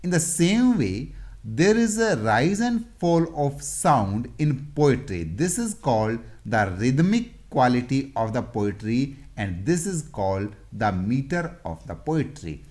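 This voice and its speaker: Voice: mid-range voice, sing-song, slow, a little mellow. An English teacher giving an explanatory lesson, repeating and sounding out example words.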